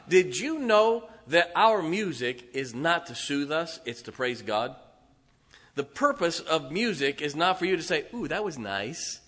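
A man, preaching emphatically as a pastor and now and then singing slowly. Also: fairly high pitch, bright, forceful tone. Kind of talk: sermon. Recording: reverberant church hall.

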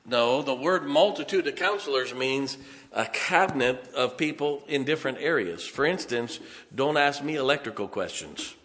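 Folksy preacher man, bright voice, echoing hall. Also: medium pitch, expressive, moderate pace. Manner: folksy, chuckles often, keeps checking on the congregation. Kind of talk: sermon.

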